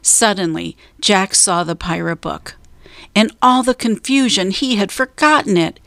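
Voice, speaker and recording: A woman storyteller reading a children's book aloud, slow, clear and deliberate. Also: mid-range voice, a bit bright, no room sound.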